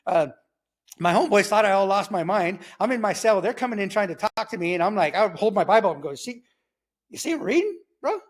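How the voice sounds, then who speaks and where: A middle-aged man telling his personal testimony in a rambling, animated way, with many restarts and quoted voices. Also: high-pitched, fast talker. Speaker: testimony guest.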